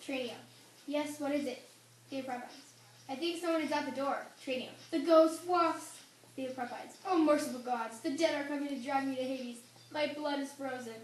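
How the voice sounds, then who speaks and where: Brief: high-pitched female student reader, dramatic script reading, echoey room. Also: fairly even intonation, brisk. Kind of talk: reading a play script aloud, all parts. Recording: echoey room, faint noise.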